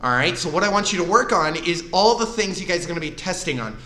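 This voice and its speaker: Male karate instructor, high and very bright, upbeat coaching, recorded far off in an echoey room. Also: expressive, quick pace. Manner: upbeat coaching, counting moves with shouted kiai. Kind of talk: instructing a live online class.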